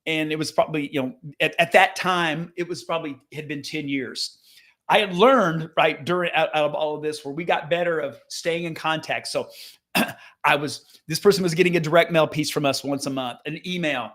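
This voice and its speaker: A man's voice: on the high side, moderate pace. Rambling middle-aged man telling a story. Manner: rambling, many restarts, lively quoted dialogue. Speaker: business coach and real estate agent. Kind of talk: casual storytelling monologue.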